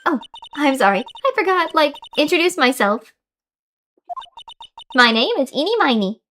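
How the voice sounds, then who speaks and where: A woman's voice: high-pitched, big pitch swings, moderate pace, bright, forceful tone, a little hiss or hum, voice pushed up, exaggerated voice. A woman voicing a ditzy valley-girl college student who talks airily and spacily. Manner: airy, spacey, 'like'-heavy.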